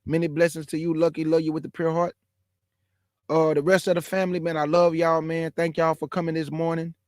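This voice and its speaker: A man's voice: a little high, little pitch movement, brisk, darkish tone, dry recording, studio quality. A man in his forties giving a casual, emphatic preaching talk as a caller in an online religious discussion, calling his listeners bro and y'all. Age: 40s.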